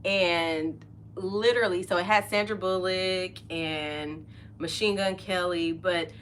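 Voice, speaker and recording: A woman's voice: fairly low pitch, steady tone, takes it slowly, a bit bright, slight background noise. A middle-aged woman hosting a podcast, chatting casually and openly, often laughing and trailing off mid-sentence. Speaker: podcast host. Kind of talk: casual chat.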